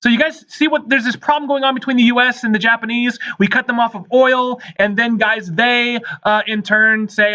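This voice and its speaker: A man's voice: extremely high pitch, normal speed, bright, forceful tone. A man teaching a history lesson, talking emphatically to his students, often checking in with "all right" and "guys". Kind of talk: recorded classroom lecture. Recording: dull lo-fi recording.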